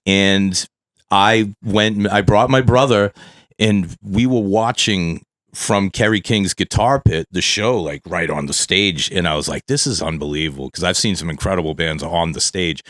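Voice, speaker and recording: A man with a fairly low voice hosts a casual podcast. He talks loosely and profanely as he tells stories. The sound is dry and close to the mic. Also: normal speed, fairly bright tone, no room sound. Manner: loose, profane, enthusiastic storytelling. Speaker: podcast host.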